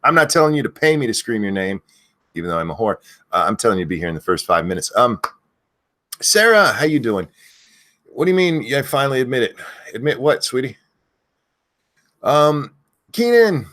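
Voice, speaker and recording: A man's voice: mid-range voice, sing-song, a little fast, long pauses. Rambling, swearing livestream host man. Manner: yells viewers' names in bursts, then rambles and swears. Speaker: live stream host. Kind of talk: casual live-stream rant.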